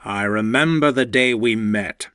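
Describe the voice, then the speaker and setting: A man narrating an audiobook, voicing a proud older male mentor who speaks with heartfelt, unhurried warmth. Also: fairly low pitch, smooth, no echo, studio quality. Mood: tender.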